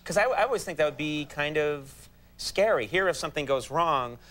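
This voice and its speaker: A man's voice: on the high side, brisk. A man hosting a late-night talk show, trading wisecracks with his guest. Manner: wisecracking, animated.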